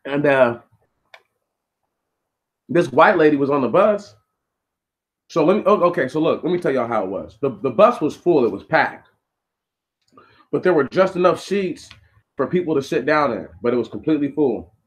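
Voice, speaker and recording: A man's voice: on the high side, lively intonation, normal speed, long pauses. A man telling a story from his own life in a blunt, profane, casual monologue full of slang.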